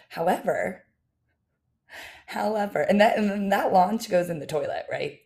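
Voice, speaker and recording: A woman's voice: medium pitch, expressive, unhurried, creaky, long pauses, dark tone. A young woman hosting a solo coaching podcast, talking casually and emphatically straight to her listeners. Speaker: podcast host and business coach. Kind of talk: solo motivational podcast monologue.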